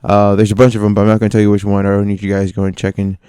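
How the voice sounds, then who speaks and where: Smooth-voiced young man telling a story. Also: on the low side, very fast, no echo, studio quality. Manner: animated, laughing often, acting out quoted lines. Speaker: podcast co-host. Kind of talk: casual storytelling.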